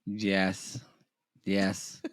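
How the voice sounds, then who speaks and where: A man's voice: low voice, monotone, dry recording, studio quality. A man co-hosting a podcast, riffing wryly in casual chat about reality TV. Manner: wry, quick-witted riffing. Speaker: podcast co-host.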